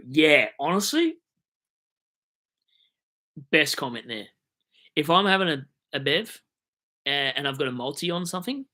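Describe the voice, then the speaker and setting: A man's voice: mid-range voice, bright, forceful tone. Chatty young Australian man streaming. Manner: rambling, jokey, reads out chat comments. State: hiccupping. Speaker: fantasy football streamer. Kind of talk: casual live-stream chat.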